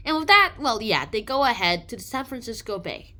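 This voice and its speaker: A woman giving a casual, rambling book summary, animated and full of restarts. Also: on the high side, brisk. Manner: animated, rambling, with many restarts and playful voices. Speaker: book reviewer.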